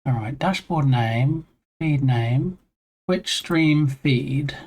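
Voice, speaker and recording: A game-dev streamer talks through a stubborn device connection, half to themself and half to chat. The voice sits at an ordinary middle pitch. They read menu text aloud in a flat murmur, then brighten to welcome someone who has just arrived. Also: drawn-out words, husky. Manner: muses to self, reads screen text aloud, chats with viewers. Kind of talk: live-stream thinking aloud while troubleshooting. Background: headphones on.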